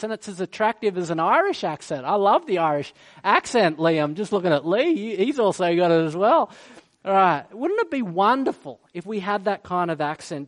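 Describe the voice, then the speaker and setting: Animated man preaching a sermon. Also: high-pitched. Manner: animated, playful storytelling that turns quiet and solemn in prayer. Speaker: pastor. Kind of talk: sermon and prayer.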